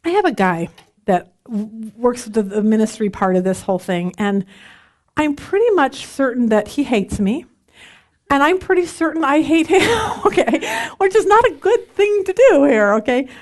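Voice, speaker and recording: Woman, middle-aged, informal Bible teaching, chatty, laughs a lot, fairly high voice. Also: animated, normal speed. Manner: chatty, self-deprecating, laughs often.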